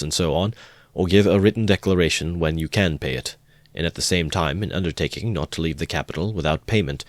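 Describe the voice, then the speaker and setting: A man's voice: deep voice, no room sound, natural voice. A man voicing an officious, condescending head clerk reading out legal terms in a storybook reading. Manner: hurried, officious.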